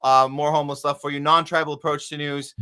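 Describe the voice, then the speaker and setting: A man's voice: on the high side, level tone, fast, sharp tone, clear, resonant tone. A man hosting a live news podcast from a home studio, talking casually and upbeat, often restarting his sentences. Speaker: podcast host. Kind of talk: casual live show chat.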